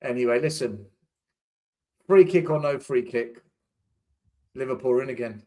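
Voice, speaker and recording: A man's voice: medium pitch, expressive, moderate pace, dull audio. A young man hosting a live football watchalong, exasperated, swearing and repeating himself as he reacts. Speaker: fan channel host. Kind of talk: live match watchalong commentary.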